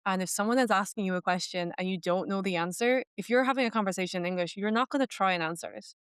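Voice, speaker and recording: A woman's voice: mid-range voice, fast, smooth, no room sound, clean studio sound. A young woman with an Irish accent hosting a podcast in casual chat, peppering her talk with "like". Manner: chatty, fills speech with "like", slips into Irish phrases. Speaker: podcast host.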